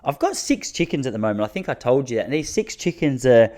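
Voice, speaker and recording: A man's voice: mid-range voice, sing-song, quick pace, darkish tone. A man in his thirties with an Australian accent, hosting a podcast in a rambling, casual solo monologue full of slang. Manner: rambling storytelling with slang and restarts. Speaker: podcast host.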